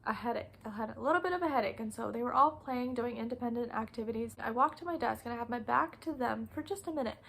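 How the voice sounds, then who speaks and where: A woman's voice: fairly high pitch, fast, vocal fry, few pauses, a bit bright, a little hiss or hum, rough recording. A young woman who teaches preschool, casually telling classroom stories in a vlog, often laughing. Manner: chatty, laughs often, acts out kids' voices.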